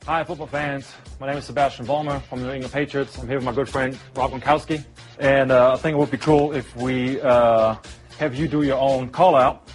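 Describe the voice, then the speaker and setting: A man's voice: mid-range voice, steady tone, a little fast. A male football player in a casual promo clip, with a mid-range voice. He coaches patiently and encouragingly, with faint music behind.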